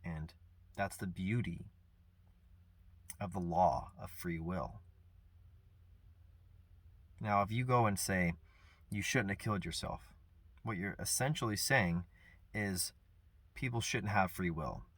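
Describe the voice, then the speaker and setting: A man speaking earnestly and reflectively about grief and forgiveness, soft-spoken with pauses. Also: deep voice, no echo. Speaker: vlogger sharing personal grief. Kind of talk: reflective personal talk.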